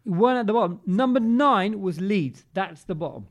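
A man with a high voice co-hosting a podcast and steering the casual chat. He teases his co-hosts and sets them little guessing games. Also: expressive, fairly quick. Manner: teasing, drives the topic, sets up guessing games. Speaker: podcast co-host.

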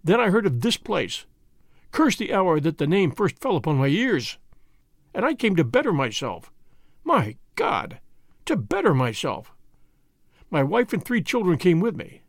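A man's voice: high voice, huge pitch swings, a little slow, long pauses, no room sound, exaggerated voice. Male narrator voicing older man, bitter and afraid, vehement; dry close sound. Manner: vehement, pleading, grave. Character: older man, fearful, bitter lodge brother.

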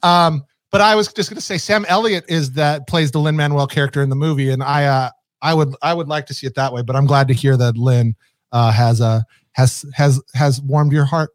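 A man's voice: mid-range voice, fairly even intonation, brisk, dry recording. A man co-hosting a casual chat, teasing his partner playfully and stumbling over restarts. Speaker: podcast co-host.

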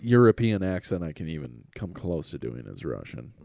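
A man's voice: deep voice, big pitch swings, normal speed, vocal fry, mellow, a little hiss or hum. A man chatting casually as a podcast co-host, swearing freely as he talks. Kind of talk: casual chat.

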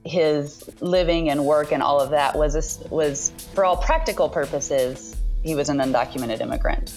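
Soft-spoken thoughtful woman guest. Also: low-pitched, music in the background. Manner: thoughtful, measured with frequent "um" pauses. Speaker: podcast guest, author. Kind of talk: conversational interview.

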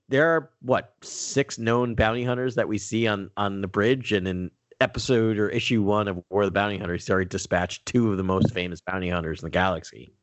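A man's voice: lowish voice, no room sound. A man co-hosting a podcast in casual chat, laughing often and restarting his sentences. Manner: self-correcting, repeats words, laughs often. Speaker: podcast co-host.

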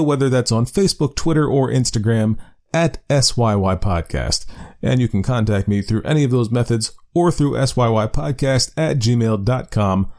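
A man hosting a short-story podcast, talking through his intro in a chatty, animated way. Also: mid-range voice. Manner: lively, animated delivery. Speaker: podcast host. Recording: faint music behind.

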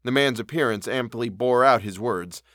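A man reading a classic story aloud for a podcast in a measured, steady way. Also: medium pitch, no room sound, studio quality. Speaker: podcast reader.

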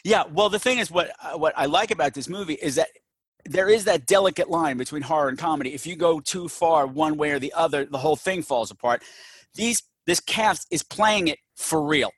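A man hosting a casual movie review chat, animated, jokey and profane. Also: on the high side, fairly quick, husky, no echo. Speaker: podcast host.

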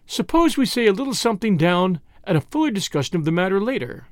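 A man's voice: high-pitched, big pitch swings, fast talker, no echo, studio quality, pitched above the performer's own voice. A man voicing a cheeky young woman who bluffs in a sweet, arch tone in a storybook reading.

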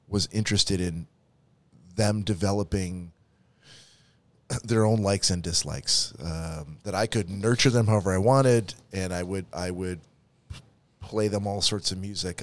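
A middle-aged man, a podcast co-host, talking casually in a rambling, self-interrupting, reflective way. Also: deep voice. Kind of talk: casual chat.

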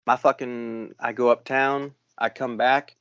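A man's voice: medium pitch, flat delivery, a little slow, fairly bright tone, clear, resonant tone, no room sound. A middle-aged man co-hosting a podcast, telling a long story in casual chat with constant swearing and heated rants. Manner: profane, ranting storyteller. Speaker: podcast co-host. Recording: dull, dry lo-fi sound.

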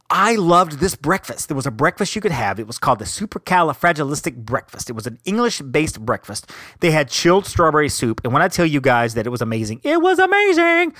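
A man's voice: fairly high pitch, a bit bright, no echo. A man hosting a solo podcast in casual chat, enthusiastic and rambling, often breaking off to correct himself. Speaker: podcast host.

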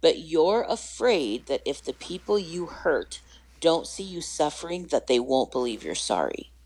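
A woman recounting the words of a tender, reassuring Jesus, gentle and unhurried, with a low, even voice. The tone is kind and playful. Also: breathy edge, heavily acted, low-quality recording.

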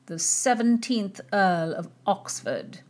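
A woman's voice: mid-range voice, expressive, slow, darkish tone. A woman voicing an arrogant, mocking young nobleman in a storybook reading. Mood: haughty.

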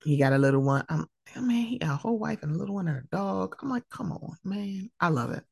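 A woman hosts her own podcast. She talks in a casual, heartfelt way and tells lively stories. The close mic sounds dry, with no room around her. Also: sits low, fast, vocal fry, dry recording. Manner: emotional, tearful at times, animated storytelling. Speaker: podcast host. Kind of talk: casual solo podcast monologue.

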